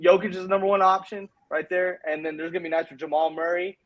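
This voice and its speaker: A man blogging about sports, talking casually in a group video call, opinionated and full of quick restarts. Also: high voice, flat delivery, poor audio.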